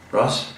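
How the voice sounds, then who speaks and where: Slow-talking man giving psychic advice. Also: darkish tone. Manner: slow, soothing, ends phrases with "okay?". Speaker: psychic host. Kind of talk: live-stream psychic reading. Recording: echoey room, mic far off, faint noise.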